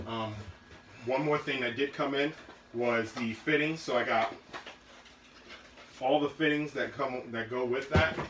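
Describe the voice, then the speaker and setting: A man's voice: mid-range voice, unhurried, long pauses, a bit bright, a little hiss or hum. Rambling man in an echoey garage. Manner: rambling, loose, many fillers and restarts. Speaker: car build vlogger. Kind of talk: casual show-and-tell of car parts.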